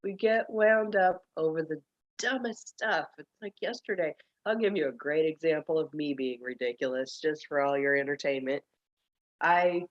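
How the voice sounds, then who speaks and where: Woman on a lo-fi group call, lower voice, chatty and self-mocking with frequent laughs. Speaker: group member. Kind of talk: casual group video call chat.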